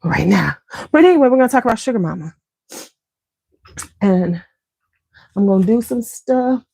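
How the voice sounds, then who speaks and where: A woman chats casually on her beauty channel, drifting between topics and greeting viewers by name. Her voice is husky, and the recording is dry and close. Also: medium pitch, lively intonation, normal speed, dark tone, no room sound. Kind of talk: casual chat with live viewers.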